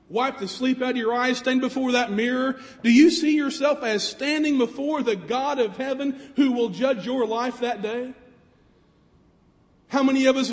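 A man with a very high voice preaches a sermon in an earnest way, often pausing on rhetorical questions. His voice carries a long reverb, like a large hall.

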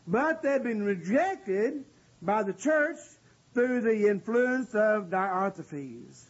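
A man preaching a sermon and explaining scripture in an earnest, conversational way, often pausing with "uh.". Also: sits high, husky. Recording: dull lo-fi recording.

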